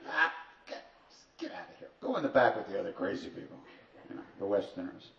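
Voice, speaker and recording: A man's voice: lowish voice, sing-song, fast talker, gravelly, dark tone. A man doing a brusque old guru shooing people away. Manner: brusque, dismissive barking. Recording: distant, roomy, dull live recording.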